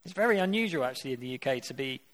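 A man's voice: mid-range voice, animated, racing, a bit bright. Man preaching a conversational sermon. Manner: earnest, conversational preaching with rhetorical questions.

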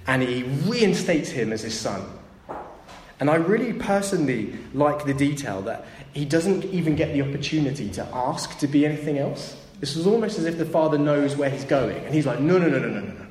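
A man's voice: on the high side, animated, normal speed, darkish tone. A man preaching a sermon, retelling a story and briefly acting out its characters' voices. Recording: echoey hall, faint ambience.

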